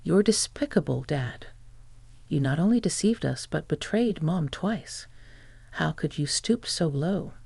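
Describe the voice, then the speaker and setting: A text-to-speech reader voicing a grown son angrily confronting his father, in a flat delivery. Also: fairly high pitch, measured pace, vocal fry, slightly rough, dry recording, full character voice. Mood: angry.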